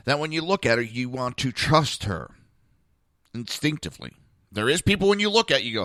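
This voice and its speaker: A podcast host with a mid-range voice delivers a blunt, profane political monologue packed with rhetorical questions. His pitch swings widely and he talks a little fast, with a pushed, bright tone. The studio-quality recording has no echo.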